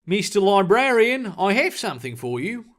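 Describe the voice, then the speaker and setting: A man's voice: sits high, big pitch swings, normal speed, a bit bright, voice pushed up. A man doing an easygoing Australian bloke. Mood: affable. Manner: affable, placating.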